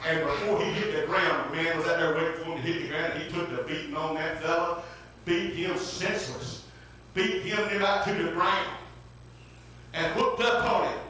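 A preacher with a high, bright voice spins a folksy story from the pulpit and keeps breaking in with hallelujahs and amens. He sounds some way from the mic. The church around him echoes heavily. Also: steady tone, normal speed, a little hiss or hum. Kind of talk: storytelling sermon. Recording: very echoey room, distant mic.

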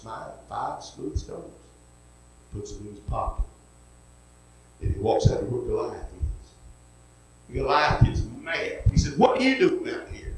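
Folksy preacher, echoey room. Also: male voice, medium pitch. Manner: folksy, acts out each character in lively retelling. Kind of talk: sermon storytelling.

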